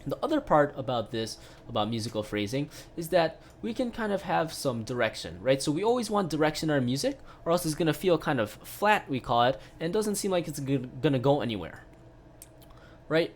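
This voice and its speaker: A man's voice: fairly high pitch, sing-song, a little fast, a little hiss or hum. A man giving a casual online piano lesson, explaining step by step with lots of "right?" tag questions and filler sounds. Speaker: piano teacher.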